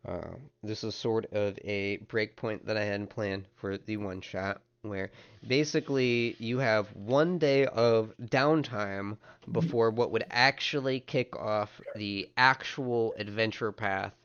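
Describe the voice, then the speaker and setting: Game master, male, low smooth voice, relaxed rambling narration, lo-fi audio. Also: slow pace.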